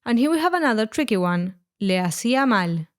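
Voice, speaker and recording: A woman narrating a scripted language lesson, explaining words clearly and slowing down on each example. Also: a little high, very animated. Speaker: Spanish teacher.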